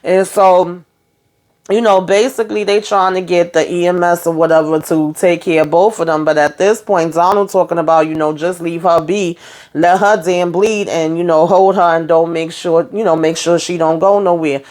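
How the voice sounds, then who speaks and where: A woman's voice: lowish voice, steady tone, normal speed, darkish tone. A woman casually recapping a TV episode, chatty and profane, with lots of fillers. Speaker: TV show reviewer.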